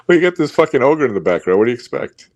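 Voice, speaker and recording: A man's voice: mid-range voice, very animated, racing. A man co-hosting a stream, teasing and talking bluntly and crudely. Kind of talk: casual chat.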